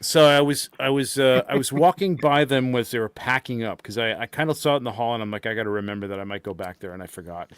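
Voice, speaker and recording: A man's voice: medium pitch, fast talker, few pauses, smooth, no room sound. A man co-hosting a podcast, telling a convention story in casual chat, rambling and laughing as he acts out quotes. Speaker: podcast co-host.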